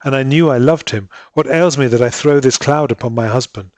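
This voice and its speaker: A man's voice: mid-range voice, fairly quick, a little mellow, dry recording, natural voice. A man reading aloud and voicing a devoted young island woman who pleads earnestly with her husband. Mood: impassioned.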